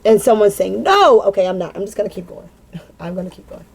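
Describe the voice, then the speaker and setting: A woman giving a spontaneous spiritual card reading. She talks in a halting way, repeats words and thinks aloud, and sounds earnest and emotionally open. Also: mid-range voice, steady tone, gravelly, mellow, slight background noise, poor audio. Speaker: tarot card reader.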